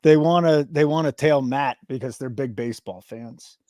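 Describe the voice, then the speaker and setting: A man's voice: medium pitch, normal speed, mellow, no echo, clean studio sound. A man hosting a sports betting show, joking and mock-indignant in casual banter.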